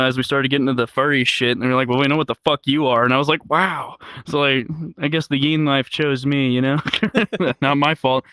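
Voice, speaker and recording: A young man telling crude stories in casual chat, laughing often and yelling out the lines he quotes. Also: mid-range voice, clean tone, no echo. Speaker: comedian guest. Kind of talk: casual storytelling.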